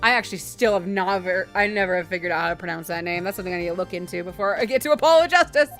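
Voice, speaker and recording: A woman's voice: fairly low pitch, racing, fairly bright tone, faint music behind. A woman streamer commenting casually while playing a game, with murmured asides.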